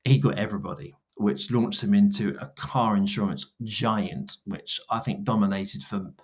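A man in his forties, a guest on an interview podcast, telling stories with lively quoted dialogue. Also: on the low side, moderate pace. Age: 40s. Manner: animated, acts out dialogue in quoted voices. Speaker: guest, brand founder. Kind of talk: storytelling interview answers.

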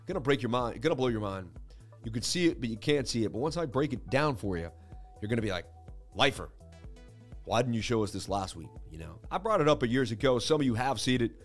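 A man's voice: mid-range voice, lively intonation, fast, faint music behind. A man hosting a casual market-analysis livestream, rambling in a conversational, self-assured teaching way. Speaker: host.

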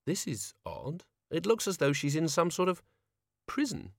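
A sharp, commanding young governess, as a male narrator puts her on, her voice raised well above his own and swinging lively through each order. The reading is close and dry, with no room sound. It is an audiobook character voice, crisp and impatient. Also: a little high, normal speed, no room sound, voice pushed up. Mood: puzzled.

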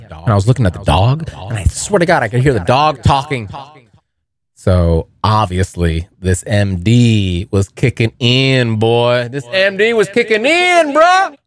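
A young podcast host records in a basement near a furnace, telling a rambling, swear-filled story and addressing his listeners as bros. His voice is lowish and a little mellow, and the recording is dry.

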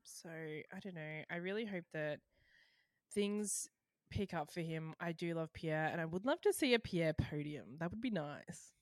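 A woman co-hosting a podcast, talking in an excitable, chatty way with plenty of quick asides. Her voice sits fairly low for a woman, and the sound is dry and close. She keeps the chat casual and lively. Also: no room sound. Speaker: podcast co-host.

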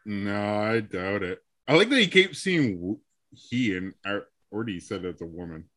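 A young man co-hosting a podcast over a video call, laid-back and deadpan, lying down and talking low. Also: moderate pace, no echo, studio quality. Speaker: podcast co-host.

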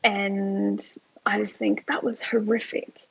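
Slow, gravelly, breathy mum. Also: female voice, mid-range voice, flat delivery, muffled recording. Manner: candid, laughs while telling stories. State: exhausted from lost sleep. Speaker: podcast co-host. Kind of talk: casual chat.

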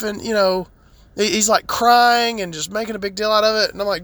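A man's voice: high voice, fairly even intonation, a little fast, a bit bright. A man giving a blunt, profane, exasperated rant in a casual vlog.

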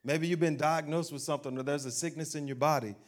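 Conversational preacher with a lively delivery. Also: male voice, on the high side, fast talker. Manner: conversational preacher, asking the crowd questions and acting out everyday voices. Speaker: pastor. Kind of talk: sermon.

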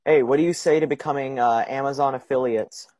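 A man's voice: mid-range voice, fairly even intonation, a little fast, noisy background. A teenage boy hosting a podcast from his room at home, chatting eagerly and playfully, often stumbling and restarting his words. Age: teens. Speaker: podcast host. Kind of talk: casual chat. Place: home bedroom.

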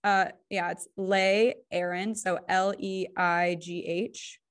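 A woman co-hosting a podcast in casual chat, talking fast and loose with lots of "like" and "right?". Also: lowish voice, little pitch movement, clean tone. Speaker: podcast co-host.

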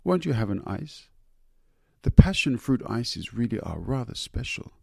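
A man voicing an eager, soft-hearted young girl in a storybook reading, speaking earnestly and softly. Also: medium pitch, sing-song, a little slow, vocal fry, breathy edge, dry recording, studio quality, voice pushed up, heavily acted.

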